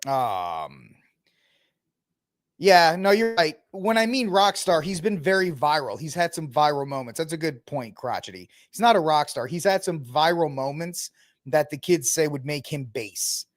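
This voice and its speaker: A man's voice: on the high side, animated, measured pace, no echo, studio quality. A man hosting a podcast, ranting with sarcasm and mocking impressions in a heated political commentary. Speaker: podcast host.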